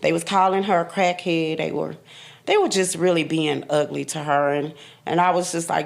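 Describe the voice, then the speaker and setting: A podcast guest in her fifties tells her own story candidly, her voice deep and creaky with fairly even intonation at a moderate pace. She's blunt and emphatic, repeating phrases and laughing now and then through hard memories.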